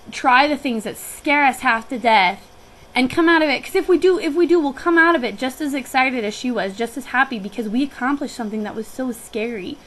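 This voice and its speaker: A woman's voice: high voice, a bit bright, low-quality recording. A young woman who works on a guest ranch, telling a personal story in a chatty, reflective way with frequent restarts.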